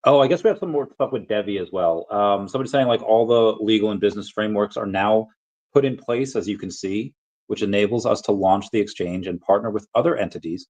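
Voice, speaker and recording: Fast and darkish, a low male voice hosts a casual crypto livestream, reading what viewers write in. His talk rambles, he's easily sidetracked, and he often interrupts himself.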